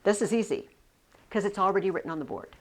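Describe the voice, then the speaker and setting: A woman teaching a Latin class in a classroom, explaining slowly with frequent restarts. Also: medium pitch. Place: classroom with students.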